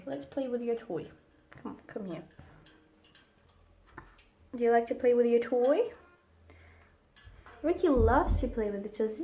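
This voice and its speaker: High, sing-song woman coaxing her pet. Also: dark tone, a little hiss or hum. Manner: sing-song, coaxing, repeats short cues. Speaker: pet owner training her parrot. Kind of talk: playful baby talk to a pet.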